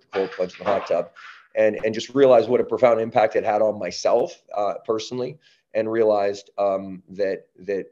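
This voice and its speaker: A man from Canada, a guest on an interview podcast, telling a story with restarts and lively acted-out quotes. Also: sits low, dull audio. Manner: animated storyteller, many restarts, acts out quotes. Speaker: podcast guest, breath-work company founder.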